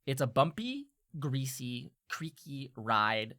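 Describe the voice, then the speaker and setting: A woman's voice: very deep voice, very animated, slow pace, fairly bright tone. A woman narrating as game master of a tabletop game, rambling with lots of fillers.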